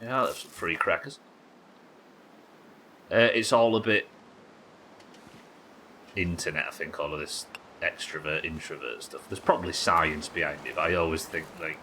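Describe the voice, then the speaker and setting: A man's voice: rumbling low, moderate pace, pauses often, sharp tone, slight background noise, rough recording. A man chatting casually and swearing while he talks through a game on a live stream. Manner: chatty, swearing, thinking aloud. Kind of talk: casual gameplay commentary.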